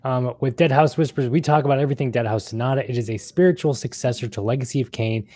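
A man's voice: medium pitch, quick pace, dark tone, no echo. A man hosting a casual gaming podcast, who laughs easily and rambles with restarts. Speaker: host.

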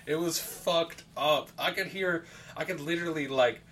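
A man's voice: on the high side, moderate pace, fairly bright tone. A man co-hosting a podcast, chatting casually and telling stories in a rambling, swearing way. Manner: rambling storyteller, heavy swearing and fillers. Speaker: podcast co-host. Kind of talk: casual chat. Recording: distant mic, faint background hiss.

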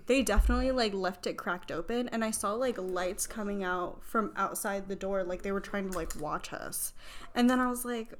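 A woman's voice: medium pitch, moderate pace. A young woman telling a rambling story in casual chat, giggling and full of fillers.

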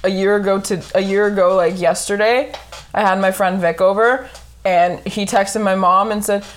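On a laid-back podcast, a young woman with a mid-range voice speaks at a moderate pace. Her storytelling is lively, full of laughter and freely dropped curse words.

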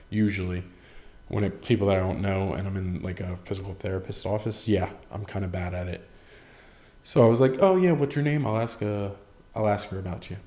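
A man's voice: sits low, mellow. A young man hosting a solo podcast, rambling through an awkward story with casual swearing and self-deprecating asides. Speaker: podcast host.

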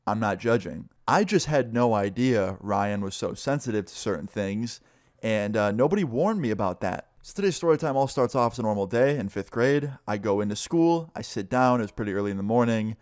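A man's voice: fairly low pitch, darkish tone, dry recording, clean studio sound. Young man telling a loose story. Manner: loose, profane, full of "like". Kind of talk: casual story time.

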